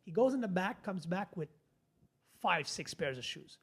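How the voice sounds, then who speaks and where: A man, hosting a podcast and telling a story in a casual, animated, blunt way, swearing freely and restarting sentences. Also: high-pitched, moderate pace, vocal fry, husky. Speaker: podcast host.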